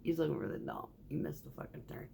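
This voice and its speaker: A woman who drives a concrete mixer truck, telling profane, animated stories about her workday in a casual vlog. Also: very deep voice, fast talker, creaky, breathy edge. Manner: profane, animated, acts out quoted voices.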